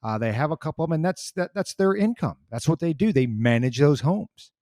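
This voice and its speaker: A man's voice: fairly high pitch, lively intonation, a little fast, warm tone, no echo. Rambling man explaining, dry close sound. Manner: rambling, explanatory, many restarts. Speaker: podcast co-host. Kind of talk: casual political chat.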